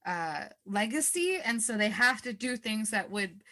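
A woman's voice: mid-range voice, lively intonation, a little slow, bright, forceful tone. A woman co-hosting a casual chat, telling a story in a laid-back, wry way and swearing freely. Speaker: podcast co-host.

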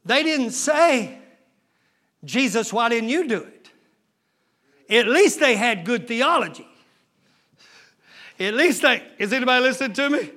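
A male pastor preaching a sermon, moving between quiet storytelling and shouted exhortation, with folksy grammar and questions to the congregation. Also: animated, normal speed, long pauses. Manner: builds from low retelling to shouted exhortation.

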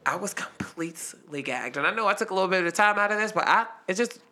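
Bright-voiced woman telling a story. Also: medium pitch, rapid-fire. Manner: animated, acts out quoted lines, laughs while telling. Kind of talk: casual storytelling chat.

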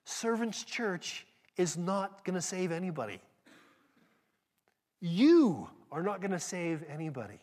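A man preaching a sermon, speaking emphatically and directly to his congregation, swinging between loud emphasis and hushed asides. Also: fairly high pitch, animated, slow, pauses often.

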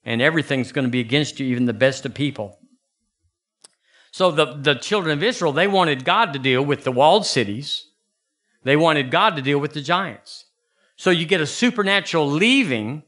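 A male pastor preaching in a folksy, animated way. His voice is bright and forceful, sitting a little high for a man. He leaps upward for emphasis and drops low to drive a point home. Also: moderate pace. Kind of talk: sermon.

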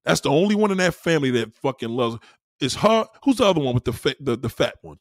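Animated, profane New podcast host. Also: male voice, mid-range voice, fast, no echo, studio quality. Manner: animated, profane, laughing asides. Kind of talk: crude comedic rant.

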